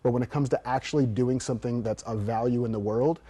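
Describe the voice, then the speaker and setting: A man's voice: medium pitch, fast, heavy background noise. A man who is a performance coach, telling stories as an interview guest and acting out the people in them. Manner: animated storyteller acting out quotes.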